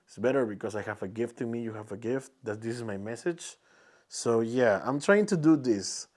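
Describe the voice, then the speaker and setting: A young man from Peru, speaking English as a second language with a Peruvian Spanish accent, hosts a casual solo podcast. His mid-range voice is animated and a little mellow at a normal speed, and he searches for words, often restarting.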